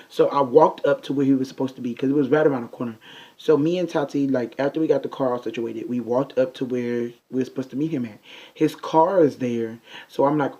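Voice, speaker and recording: A young man telling a funny storytime vlog, animated and chatty, often turning to talk straight to his viewers. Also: medium pitch, brisk, breathy edge, muffled recording. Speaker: vlogger.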